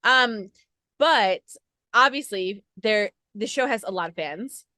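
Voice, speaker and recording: A woman's voice: medium pitch, animated, slow pace, bright, forceful tone, no echo, studio quality. Gushing, chatty woman interviewer. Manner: gushing, chatty, many fillers of "like". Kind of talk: casual chat.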